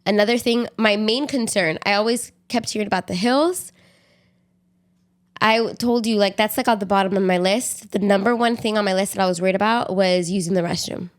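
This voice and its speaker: A young adult woman co-hosting a podcast, telling a story in casual chat with lots of fillers and lively asides. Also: medium pitch, brisk. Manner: chatty, animated storytelling with many fillers. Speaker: podcast co-host.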